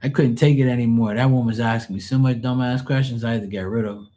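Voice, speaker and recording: A man's voice: mid-range voice, fast talker. A man reading tarot on a live stream, telling blunt, profane stories in casual chat and mocking the people he quotes. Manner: animated, mocking quoted voices.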